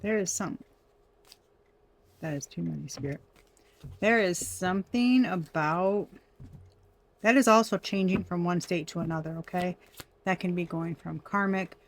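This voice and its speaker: A woman doing a casual tarot reading for viewers, chatty and quick to laugh. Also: lowish voice, a little hiss or hum. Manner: chatty, laughing often, addresses viewers as y'all. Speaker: tarot reader.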